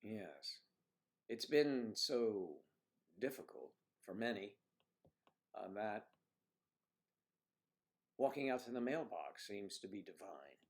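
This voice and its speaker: A man's voice: on the low side, lively intonation, slow, long pauses. A man hosting a livestream, chatting casually and rambling as he reads out viewer comments. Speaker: livestream host.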